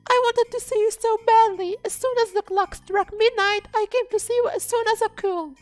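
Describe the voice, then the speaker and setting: A man in falsetto as a doting kraken girl. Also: steady tone, normal speed, faint music behind. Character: clingy, sweet female kraken monster girl. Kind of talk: reading game dialogue aloud.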